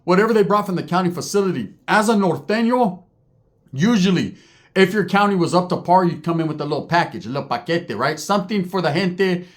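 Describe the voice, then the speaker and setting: Slangy man, higher voice. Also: expressive. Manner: slangy, profane, mixes in Spanish words; acts out other people's lines in quick voices. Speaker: storyteller recounting prison life. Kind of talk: casual storytelling.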